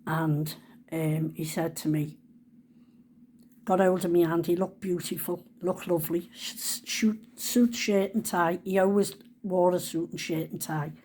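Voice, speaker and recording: A woman's voice: fairly low pitch, steady tone, measured pace, darkish tone, a little hiss or hum. A woman. She tells a personal story casually, in a chatty, homely manner with everyday dialect.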